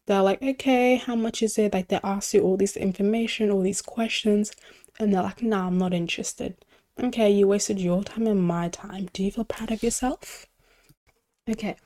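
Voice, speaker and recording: A woman's voice: medium pitch, mellow. A young woman telling a story in a casual podcast, chatty, with lots of "like" and asides that drop to a whisper. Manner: chatty, heavy use of "like", drops into whispers. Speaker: podcast host.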